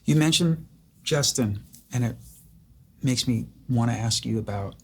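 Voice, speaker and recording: A man's voice: mid-range voice, measured pace, vocal fry, husky. An older man hosting an interview, asking long reflective questions that he builds up with stories of his own. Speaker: host. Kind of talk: interview conversation.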